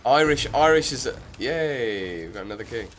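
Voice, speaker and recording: A man's voice: medium pitch, expressive, normal speed, a bit bright. A man streaming a game, chatting casually and rambling with lots of filler words. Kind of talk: casual gameplay commentary.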